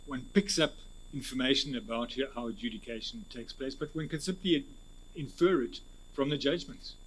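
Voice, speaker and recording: A South African man, an advocate, giving measured, formal answers at an interview panel, restarting phrases as he thinks. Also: medium pitch. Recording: husky, poor-quality hearing recording.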